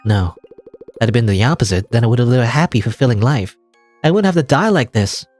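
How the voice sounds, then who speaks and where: A man's voice: medium pitch, lively intonation, brisk, darkish tone, soft background music, lightly acted. A man reading the lines of an earnest, polite young woman heroine in a game, apologetic and anxious. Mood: despairing.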